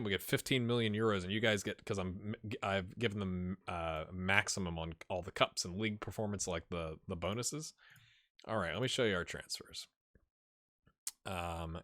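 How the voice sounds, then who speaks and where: Excitable man with a bright low voice. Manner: excitable, talks to players in the game, loud outbursts when goals come; slangy and joking, trails off into mumbles. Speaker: gaming channel host. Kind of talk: let's-play game commentary.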